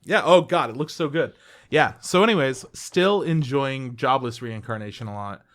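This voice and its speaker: A man's voice: medium pitch, normal speed, a bit bright. A man co-hosting an anime podcast, recapping episodes in enthusiastic casual chat with fillers. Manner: enthusiastic recapping, frequent "like" and swearing. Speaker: podcast co-host.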